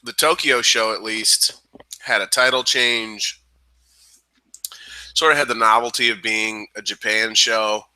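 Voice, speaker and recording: A congested man with a very sharp, tense, bright tone co-hosts a chatty podcast over a video call. He jokes and teases himself. The sound is dry and close. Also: lowish voice, steady tone, unhurried, pauses often, clear, resonant tone, dry recording, low-quality recording. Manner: jokey, laughs often, self-mocking. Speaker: podcast co-host. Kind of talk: casual chat.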